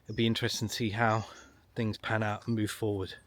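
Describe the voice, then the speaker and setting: A middle-aged man giving a solo commentary to camera, emphatic and ranting, repeating his points with long pauses. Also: fairly low pitch, flat delivery, a little hiss or hum. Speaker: online political commentator.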